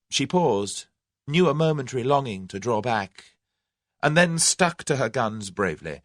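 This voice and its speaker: A man reading an audiobook in scripted narration, with measured, expressive storytelling. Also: mid-range voice, no echo, clean studio sound.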